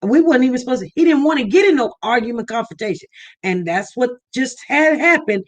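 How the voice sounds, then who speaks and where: A woman hosting a casual live-stream chat, talking freely and animated. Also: a little high, fairly quick.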